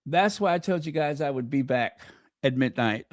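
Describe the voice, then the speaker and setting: A man hosting a live stream, gushing excitedly to his viewers. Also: mid-range voice, normal speed, no room sound, clean studio sound. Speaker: channel host.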